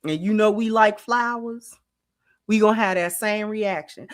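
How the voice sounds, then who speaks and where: A middle-aged woman, hosting a casual livestream and talking straight to her viewers in an animated, drawling way. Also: mid-range voice, moderate pace. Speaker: channel host.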